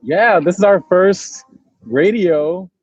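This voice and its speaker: A man co-hosting a podcast from somewhere else, relaxed and laughing, asking long rambling questions. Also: high-pitched, takes it slowly, breathy edge, no room sound, highs cut off. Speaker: podcast co-host. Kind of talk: casual podcast chat.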